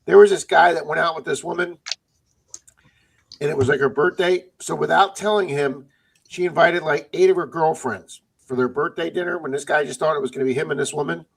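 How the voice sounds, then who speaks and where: A man's voice: on the high side, brisk, vocal fry, breathy edge. A man co-hosting a casual live stream, chatting, telling stories and reading viewer comments aloud.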